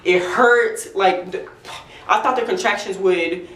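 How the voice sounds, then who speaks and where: A woman's voice: medium pitch, unhurried, a bit bright. A young woman telling a candid, chatty storytime to her viewers. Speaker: vlogger. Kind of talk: storytime vlog. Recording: roomy echo, mic at a distance.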